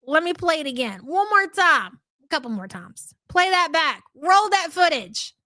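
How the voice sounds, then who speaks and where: A woman's voice: extremely high pitch, big pitch swings, moderate pace, bright, forceful tone, dry recording, studio quality. A middle-aged woman hosting a live reaction stream, talking bluntly and profanely with scornful laughs. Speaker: host.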